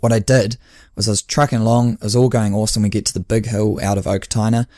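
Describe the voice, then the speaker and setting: A New man with a lowish voice chats on a podcast in a loose, rambling way. He laughs often and acts out his own lines of dialogue. The recording is dry and close. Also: little pitch movement, fast talker, warm tone, no echo. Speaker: podcast co-host and endurance coach. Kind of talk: casual chat.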